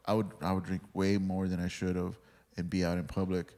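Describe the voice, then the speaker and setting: A man's voice: deep voice, completely flat delivery, fairly quick, darkish tone, big-room sound. A man guesting on a podcast, telling rambling stories full of swearing and acted-out quotes. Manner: rambling, swears freely, acts out quoted dialogue. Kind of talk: casual storytelling chat.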